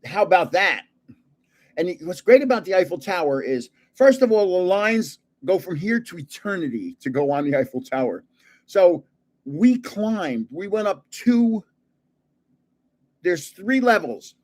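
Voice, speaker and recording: In a high-pitched voice with big pitch swings and a slightly slow pace, a man in his seventies hosts a casual livestream. He rambles, laughs often, and trails off as he searches for words.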